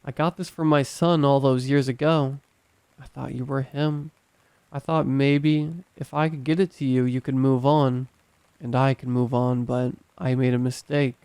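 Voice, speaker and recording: A man voicing a frail, grieving old man who talks in a halting, apologetic way, choked up with tears. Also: mid-range voice, little pitch movement, darkish tone, clean tone, no room sound, lightly acted. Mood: remorseful. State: choked up, crying.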